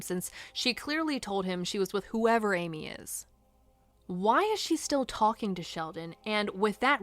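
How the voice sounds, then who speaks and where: A woman's voice: medium pitch, a bit bright, no echo. A young woman hosting a true crime podcast, narrating casually with sarcastic asides and rhetorical questions.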